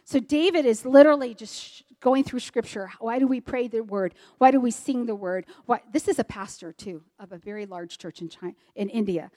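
A middle-aged woman telling a church testimony in an animated way, acting out the people she quotes. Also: on the high side, normal speed, hardly any pauses. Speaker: speaker sharing a mission testimony.

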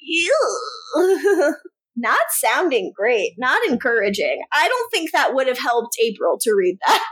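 Female podcast co-host, higher voice, breezy recap chat, quick to laugh. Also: very animated, a bit bright. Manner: laughs often, chatty, retells scenes. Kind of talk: casual TV episode recap.

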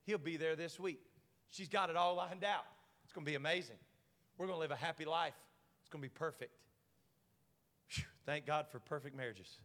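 A man pastor preaching an animated sermon, telling a story with jokes and swinging from hushed asides to loud shouting. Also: fairly high pitch, fairly quick, long pauses. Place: large church sanctuary. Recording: long church hall reverb.

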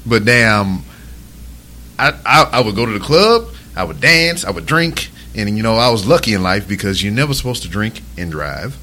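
A man's voice: lowish voice, expressive, normal speed, pushed and bright, a little hiss or hum. A man in his forties hosting, telling a crude story in casual chat. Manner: profane, laid-back storytelling. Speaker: podcast host.

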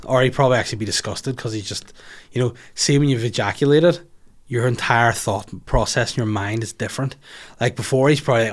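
A comedian, rambling through listener questions in a crude, jokey podcast chat. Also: male voice, mid-range voice, quick pace.

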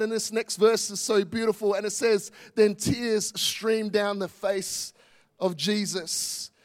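A man's voice: high-pitched, measured pace. A male pastor, preaching a passionate, emphatic sermon full of repetition.

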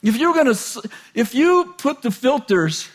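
A man preaching an informal sermon in a conversational way, joking and chuckling often, swinging between loud bursts and low asides. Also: big pitch swings, moderate pace, faint music behind.

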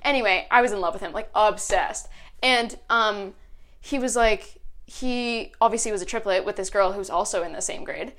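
A woman's voice: mid-range voice, normal speed. A young woman co-hosting a podcast, telling stories in casual chat and acting out old text messages. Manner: animated storyteller, acts out old text messages. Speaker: podcast co-host.

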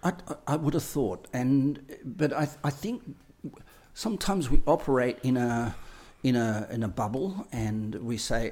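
Man, podcast co-host, casual chat, animated, acts out scenes. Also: medium pitch, moderate pace. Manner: animated, acts out little scenes with playful voices.

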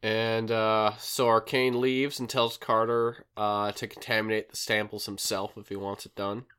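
Slow, bright-voiced man casually recapping. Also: fairly low pitch, level tone, smooth. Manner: rambling recap with fillers and laughs. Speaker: podcast host recapping an episode. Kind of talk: casual chat.

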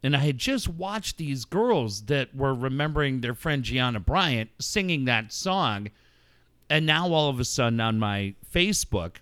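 A man co-hosting a casual talk show, spinning an animated story with plenty of swearing. His voice is bright and forward, and the sound is dry and close with no room around it. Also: medium pitch, clean tone, dry recording. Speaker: radio co-host. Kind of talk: casual chat.

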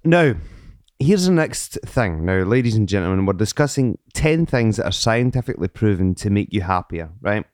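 A man's voice: on the low side, lively intonation, normal speed, darkish tone, no room sound, studio quality. A man hosting an interview show, jovial and chatty with his guests. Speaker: host. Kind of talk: casual interview chat.

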